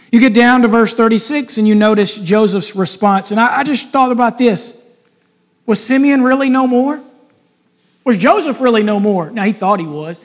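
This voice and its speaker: A man's voice: extremely high pitch, moderate pace. A man preaching a sermon from scripture in an earnest way, often repeating rhetorical questions. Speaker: pastor. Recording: long reverb of a large hall.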